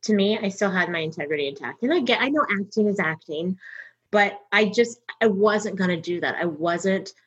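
In dull audio, a middle-aged North Texas comedian and voice actor speaks at normal speed in a slightly rough, mid-range voice. Her interview is candid, and she tells her stories animatedly, performing the lines of other people.

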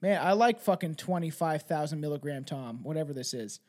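A man's voice: a little high, animated, brisk, a little mellow. A man co-hosting a podcast in casual chat, sometimes reading a script aloud, giggly and profane. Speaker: podcast co-host.

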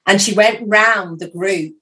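A woman guest on a podcast, telling a personal story in a chatty, animated way and acting out the voices of the people in it. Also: medium pitch, measured pace, a little hiss or hum. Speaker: podcast guest, psychic medium. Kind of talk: casual storytelling.

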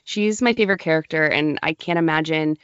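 A woman's voice: sits low, a little fast, a bit bright, clean tone, no echo, lo-fi sound. A young woman co-hosting a podcast, chatting in an upbeat, enthusiastic way. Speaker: podcast co-host. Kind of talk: casual podcast chat.

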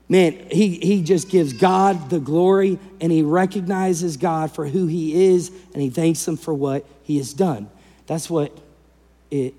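A male pastor preaching a sermon in an animated way, acting out the people in the story and swinging between loud and hushed delivery. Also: on the high side, slightly rough, long reverb tail.

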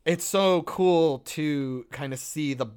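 A man with a slightly higher voice co-hosts a podcast over a call. He talks in a loose, animated, profane way and laughs often. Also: takes it slowly, smooth. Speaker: podcast co-host.

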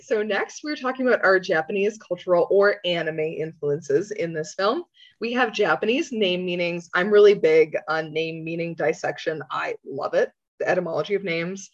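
A woman co-hosting a podcast in casual chat, giggly and swearing freely. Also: on the low side. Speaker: podcast co-host. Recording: dull lo-fi audio.

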